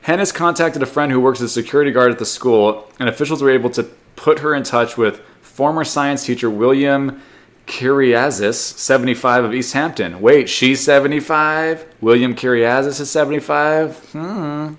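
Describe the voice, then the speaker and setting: A man hosting a comedy podcast, reading odd news stories aloud and riffing on them with sarcastic jokes and quick silly voices. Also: mid-range voice. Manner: sarcastic, reads headlines then riffs with silly put-on voices. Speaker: podcast host.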